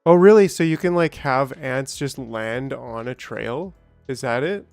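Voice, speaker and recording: A man's voice: mid-range voice, expressive, a little slow, vocal fry, darkish tone, no echo, studio quality, faint music behind. A man casually rambling through a game stream, reading patch notes and greeting chat viewers by name. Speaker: gaming streamer. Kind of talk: casual let's-play commentary.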